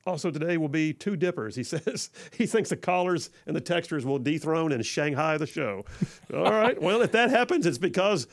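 Male radio host, gravelly voice, dry studio sound, animated. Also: fairly high pitch, normal speed, no room sound. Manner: animated, quotes movie lines with gusto. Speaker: radio talk show host. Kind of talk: casual radio talk. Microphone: studio microphone.

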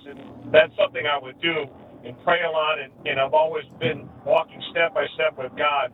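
A male caller to a radio talk show who speaks in a halting, emotional way and repeats his words. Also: a little high, fairly even intonation. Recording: tinny phone line, far from mic, faint noise.

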